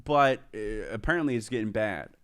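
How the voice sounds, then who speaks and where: A young man co-hosting a casual sports podcast, telling stories with lively acted-out quotes and frequent laughter. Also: medium pitch, brisk. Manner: animated storyteller acting out quotes, laughing. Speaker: podcast co-host.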